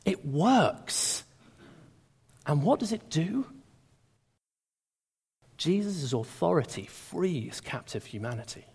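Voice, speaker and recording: A man preaching a sermon to a gathering, speaking with animated emphasis and raising his voice on quoted lines. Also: on the high side, takes it slowly, gravelly, pauses often, breathy edge. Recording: reverberant hall.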